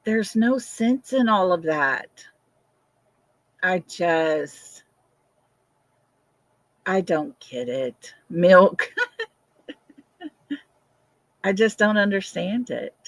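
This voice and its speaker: A woman's voice: lowish voice, expressive, extremely slow, long pauses, no echo. An older woman hosting a casual livestream, chatting, answering viewer comments and laughing often. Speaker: livestream host.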